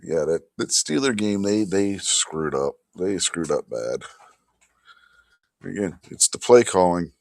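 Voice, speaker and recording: A man's voice: deep voice, lively intonation, slow, gravelly, a little mellow, dry recording, studio quality. A man hosting a casual livestream chat, tired and yawning, talking in a blunt, grumbling way that slips into swearing. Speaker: host.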